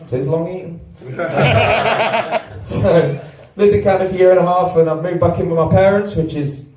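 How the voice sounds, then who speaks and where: A man in his twenties from England works through a stand-up set in a deadpan, self-deprecating way, his fairly high voice leaping up on the punchlines. The sound is echoey and a little distant from the mic, the way a small venue sounds when he stands back from it. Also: moderate pace, heavy background noise. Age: 20s. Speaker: stand-up comedian. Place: comedy venue with a live audience. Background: audience laughter.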